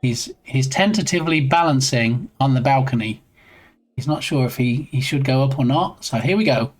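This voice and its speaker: A man's voice: mid-range voice, normal speed. Chatty male game-dev streamer. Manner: chatty, playful, reads chat aloud. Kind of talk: casual live-stream chat.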